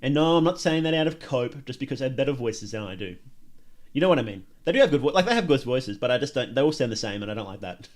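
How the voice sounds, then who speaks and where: A man streams casual reaction commentary, rambling and joking with his chat. He laughs often and his voice sits at an ordinary middle pitch. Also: big pitch swings, fast.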